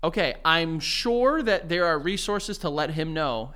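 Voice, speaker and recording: A man's voice: fairly high pitch, expressive, normal speed, sharp tone, clean tone. A man co-hosting a podcast in casual chat, rambling and hesitant, filling his sentences with "like". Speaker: podcast co-host.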